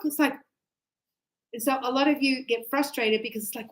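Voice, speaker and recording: A woman teaching an English class in a chatty, lively way, acting out everyday conversations. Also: sits high, normal speed, echoey room, poor audio.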